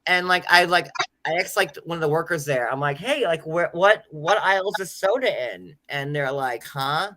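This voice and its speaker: Bright, animated city guy, chatty co-host. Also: a little high, normal speed. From New York City. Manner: chatty, animated storytelling with lots of "like". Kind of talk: casual group chat.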